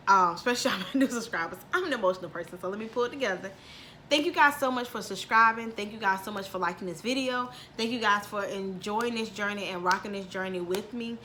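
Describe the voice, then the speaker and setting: A woman's voice: medium pitch, bright, forceful tone, slight background noise. A woman in her thirties chatting to her viewers from home, heartfelt and close to tears, with a lot of "y'all". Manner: heartfelt, says y'all often, near tears. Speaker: vlogger. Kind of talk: emotional casual chat to viewers.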